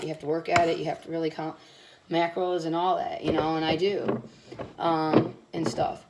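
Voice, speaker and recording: Woman w bronchitis rambling bluntly in her kitchen, kinda low voice, noisy clicky recording. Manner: rambling, blunt, chatty with fillers. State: sick with bronchitis, coughing. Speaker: cooking vlogger. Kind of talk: casual chatty cooking vlog. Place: home kitchen.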